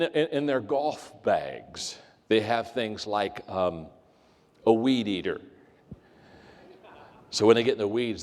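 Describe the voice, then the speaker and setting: An older man giving a humorous speech to a live audience, telling stories with jokey asides. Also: fairly low pitch. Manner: storytelling, animated, jokey asides. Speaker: motivational speaker. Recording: long reverb of a large hall.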